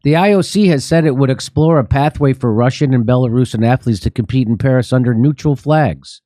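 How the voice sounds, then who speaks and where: A man's voice: mid-range voice, fairly quick, dark tone, dry recording, clean studio sound. Sarcastic, profane male talk-show host. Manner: sarcastic, profane, jokey asides. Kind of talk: political comedy talk.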